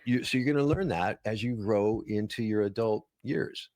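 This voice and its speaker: A voice-over artist and author from northern Minnesota, speaking as a guest in a relaxed interview. His fairly low voice moves at an ordinary pace, recorded cleanly in a studio with no room sound. He tells stories with lively energy and keeps breaking into playful impressions.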